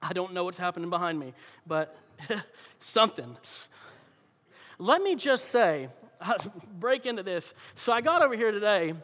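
Bright, high-voiced preacher in a reverberant hall. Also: male voice, sing-song, a little slow, pauses often. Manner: conversational storytelling with frequent restarts. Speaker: pastor. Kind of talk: sermon.

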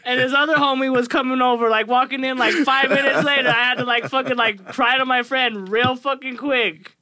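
A man's voice: very high-pitched, steady tone, brisk, bright, forceful tone, no room sound. A man co-hosting a podcast in casual chat, joking, swearing and laughing often. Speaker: podcast co-host.

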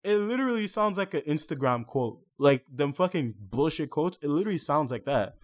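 A man's voice: fairly high pitch, animated, brisk. A young man co-hosting a casual podcast, venting at length in an earnest way and slipping into French now and then. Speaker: podcast co-host.

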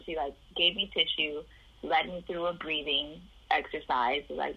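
A woman's voice: sits low, fairly even intonation, normal speed, husky, muffled recording. A woman from the Chicago area telling her life story in an interview, acting out the voices of the people in it.

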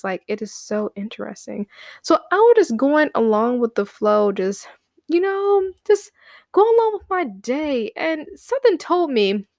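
A woman tells a casual story, acting out her own reactions with sudden whispers and outbursts and swearing freely as she vents. Her voice sits at an everyday middle pitch. The sound is dry and close, with no room echo. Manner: animated retelling, acts out her own past reactions. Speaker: vlogger. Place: home.

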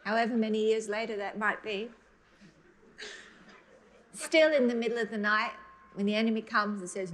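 A woman's voice: on the high side, slight background noise. Earnest, emotional woman preacher. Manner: earnest and emotional, swinging between quick bursts and slow, soft emphasis. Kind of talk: sermon.

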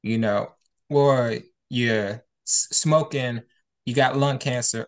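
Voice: medium pitch, slow, vocal fry. Plain-spoken co-host with jokey asides. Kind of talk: casual chat.

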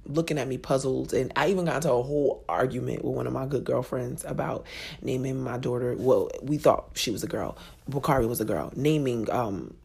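A woman's voice: rumbling low, brisk, creaky, a little mellow, breathy edge. A woman in her thirties hosting a podcast, telling a personal story in a frank, profane way and laughing easily. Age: 30s. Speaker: podcast host.

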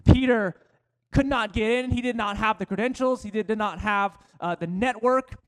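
A male pastor delivers a sermon in a high voice. He slows his pace and leans hard on key phrases, and his voice drops low at the ends of lines. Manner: preaching with slowed, emphatic phrases and dropping to a low voice for quotes.

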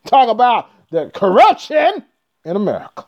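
High animated man with profane asides. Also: measured pace. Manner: reads news aloud with blunt, profane asides. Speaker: trucking video host. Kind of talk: casual commentary on news. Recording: dull lo-fi sound.

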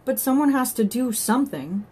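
A woman's voice: low-pitched, sing-song, brisk, slightly rough, heavily acted. A woman reading an audiobook voices an anxious, stubborn man who talks earnestly and insistently. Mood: frantic. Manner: earnest, insistent, frantic when shouting. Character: anxious, stubborn grown man, easily agitated.

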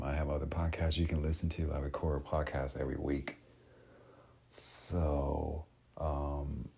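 A man talks casually on his solo podcast, halting often and restarting his sentences. His voice is extremely deep and dark, with a husky, unclear texture. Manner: halting, full of ums and restarts. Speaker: podcast host.

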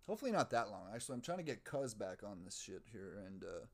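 A man's voice: on the low side, very animated, quick pace. A man hosting his own podcast, rambling casually and profanely, musing aloud and mocking himself. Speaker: podcast host.

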